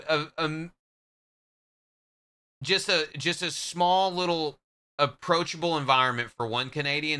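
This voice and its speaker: A man's voice: mid-range voice, bright, forceful tone, smooth. A man streaming live, trading joking, profane banter with his chat in casual talk.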